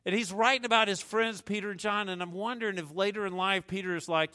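A man's voice: high-pitched, fairly even intonation, quick pace, few pauses, bright, forceful tone. A man from the American South with a Southern accent, preaching a sermon in a humorous, conversational way with asides to the congregation. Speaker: pastor.

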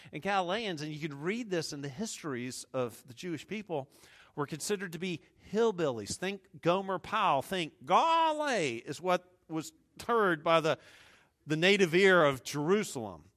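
A man's voice: fairly high pitch, expressive, moderate pace, fairly bright tone. A man from the American South with a Southern accent, preaching a sermon in a humorous, conversational way with asides to the congregation. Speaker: pastor.

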